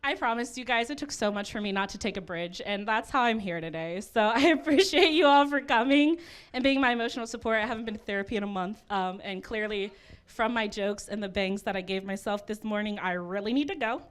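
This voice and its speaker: A woman's voice: mid-range voice, fairly quick, clean tone. A woman comedian doing self-deprecating, confessional stand-up.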